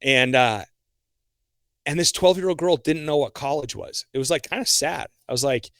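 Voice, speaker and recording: A young man, a guest on a podcast, telling a story in a casual, animated way. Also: on the high side, moderate pace, gravelly, dry recording, studio quality. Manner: animated, acts out his own reactions.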